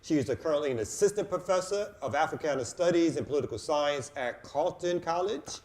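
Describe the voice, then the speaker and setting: A man co-hosting a casual podcast chat, giving loud, hyped introductions and cursing freely. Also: fairly high pitch, animated, fast talker. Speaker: co-host.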